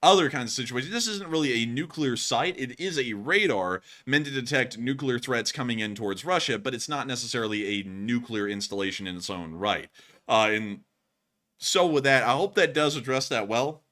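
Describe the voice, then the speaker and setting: A man hosts a casual livestream, answering viewer messages in a rambling way. He keeps repeating his thank-yous and stock sign-off phrases. His voice sits at an average pitch. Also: expressive, moderate pace, bright, forceful tone. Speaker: livestream news host.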